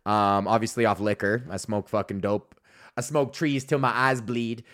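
A man's voice: on the low side, steady tone, moderate pace, a bit bright. A man hosting his own podcast, telling a long profane story from a stand-up gig in a rambling, casual way, laughing at his own jokes and acting out the people in it. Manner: rambling, swears constantly, laughs at own jokes, acts out voices in stories. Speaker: podcast host, stand-up comedian.

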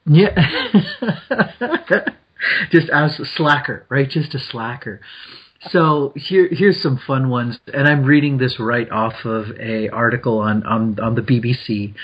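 A podcast co-host talks slowly in a husky voice and giggles through his explanations. He rambles and restarts often. The recording sounds dull and lo-fi. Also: medium pitch. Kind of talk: casual podcast chat.

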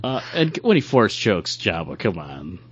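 A man co-hosting a podcast, talking haltingly about comic art and repeating words as he searches for them. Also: fairly low pitch, very animated, slightly rough. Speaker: podcast co-host. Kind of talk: casual comic book discussion. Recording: dull lo-fi podcast audio.

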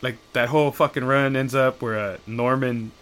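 A man's voice: medium pitch, fairly even intonation, moderate pace, a bit bright. A man in casual chat, rambling and swearing as he retells comic storylines and acts out the characters' lines.

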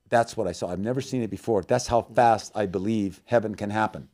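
A man with a low, mellow voice speaks earnestly about loss and faith. His delivery swings between loud emphasis and quiet, hushed moments, closing in heartfelt prayer. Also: a little fast, hardly any pauses. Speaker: missionary guest.

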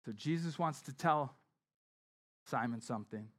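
A pastor with a bright-ish voice preaches a little slowly and conversationally. He acts out the people in his story, varying pitch and volume as he quotes them.

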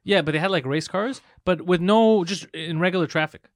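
Brash dude rattling off a story super fast, dry close sound. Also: male voice, sits high, no echo. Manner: brash, profane, rapid storytelling. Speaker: podcast co-host. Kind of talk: casual chat.

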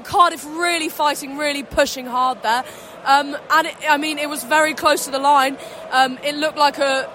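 A woman's voice: sits high, fairly bright tone, a little hiss or hum. A young woman giving casual rugby co-commentary from a stadium stand, chatty and full of fillers. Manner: chatty, many "I mean" and "um" fillers. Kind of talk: casual match analysis.

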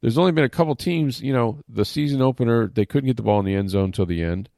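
A man giving sports talk commentary as an analyst, animated and emphatic, mocking critics with repeated phrases. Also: mid-range voice, quick pace, vocal fry, dry recording, studio quality. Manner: animated, mock-quoting critics, emphatic repetition.

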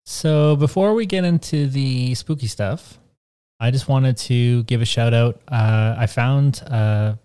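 A man's voice: mid-range voice, slow, dark tone, clear, resonant tone. A man from North America co-hosting a casual podcast chat, telling stories in a rambling way with lots of fillers. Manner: rambling, filler-heavy storytelling. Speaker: podcast co-host.

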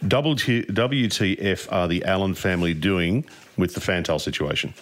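Low-voiced, hesitant man. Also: moderate pace. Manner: hesitant, lots of filler words. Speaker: podcast co-host reading listener feedback. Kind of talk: casual banter.

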